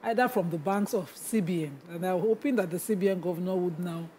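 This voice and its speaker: Nigerian female TV co-host, dark mellow tone, chatty with fillers. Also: on the low side, quick pace, slight background noise, rough recording. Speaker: morning show co-host. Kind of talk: breakfast TV news chat.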